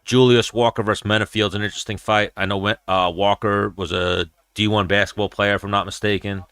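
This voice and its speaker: Profane, animated man hosting a livestream. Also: on the low side, brisk, clean tone, no echo. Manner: acts out his own quoted lines. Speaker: show host. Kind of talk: casual livestream chat.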